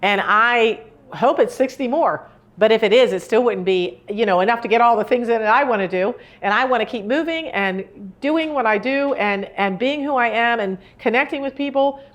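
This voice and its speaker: A woman's voice: a little high, normal speed. Earnest woman in her sixties. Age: 60s. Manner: conversational, rambling, earnest. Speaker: grief speaker. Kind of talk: live talk to an audience. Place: indoor room with a live audience.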